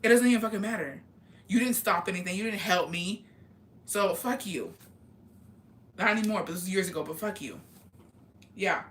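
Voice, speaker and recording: A young woman telling a gossip story on her vlog, animated and full of profanity. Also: medium pitch, normal speed, long pauses. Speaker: vlogger.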